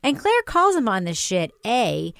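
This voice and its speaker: A woman co-hosting a podcast in casual chat, animated and sarcastic, swearing freely. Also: fairly high pitch, unhurried, creaky, no echo, studio quality. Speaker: podcast co-host.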